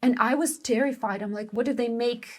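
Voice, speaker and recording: A young woman co-hosting a show, telling a story in a lively, exclaiming way. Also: on the high side, a little fast. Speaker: co-host of a language-learning show. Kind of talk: casual conversational storytelling.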